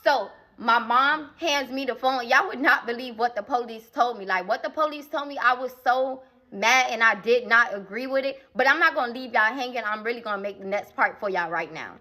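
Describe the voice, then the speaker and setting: A woman's voice: fairly high pitch, fairly quick, sharp tone. A young woman telling a personal story in a casual vlog, emphatic and talking straight to her viewers with repeated asides.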